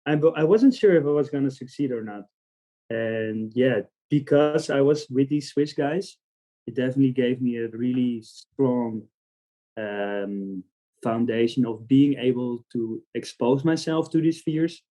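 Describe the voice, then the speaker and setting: A Dutch man telling lively stories as a podcast guest, using lots of fillers along the way. His voice sits at a middle pitch and has a dark, mellow tone. He speaks English as a second language, with Dutch as his first. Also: a little slow. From Netherlands. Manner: animated storytelling with frequent fillers and laughs. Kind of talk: casual interview chat.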